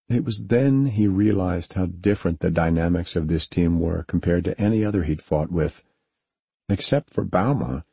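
A man narrating a science fiction audiobook in a measured, steady way, recorded on a close studio mic. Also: low voice, slightly rough, dry recording. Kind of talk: scripted narration.

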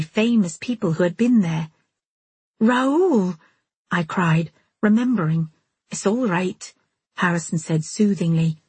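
A woman reads a first-person novel aloud in a measured, storytelling way. Her voice is low and very breathy, almost husky. The recording is close and dry, with no room sound. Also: dry recording. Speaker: audiobook narrator. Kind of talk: first-person audiobook narration.

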